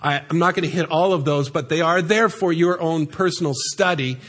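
Male pastor, high voice, earnest sermon delivery from the church stage. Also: fairly quick, a bit bright. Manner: earnest preaching, reading scripture aloud and explaining it. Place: church sanctuary.

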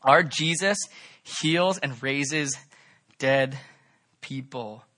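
A man preaching a sermon, fervent and emphatic, rising to loud peaks and dropping to soft, pleading tones. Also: mid-range voice, drawn-out words. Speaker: pastor.

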